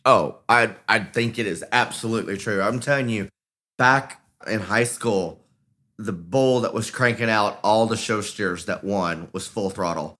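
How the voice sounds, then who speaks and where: A podcast co-host tells stories casually in a fairly low voice at a measured pace. He gets animated, acting out the voices of the people he quotes and laughing as he goes.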